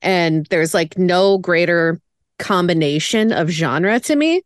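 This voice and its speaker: Animated woman podcast co-host, dry close sound. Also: lowish voice, slow pace, dry recording. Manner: animated, laughs often. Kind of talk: casual chat.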